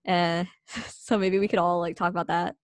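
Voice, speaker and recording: Young woman cohost, lowish voice, chill, dry recording. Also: little pitch movement, moderate pace, no room sound. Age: young adult. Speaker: podcast co-host. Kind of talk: casual podcast chat.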